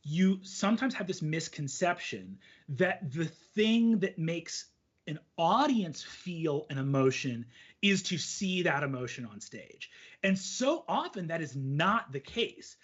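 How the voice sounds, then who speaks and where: Male host, high husky voice, lively rambling delivery, dull lo-fi recording. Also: takes it slowly. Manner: animated, rambling with many fillers. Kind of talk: casual conversation on storytelling.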